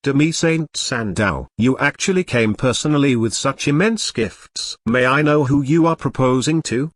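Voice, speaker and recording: A man's voice: medium pitch, normal speed, no room sound, clean studio sound, natural voice. A man reading as a courteous cautious clan elder. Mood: polite.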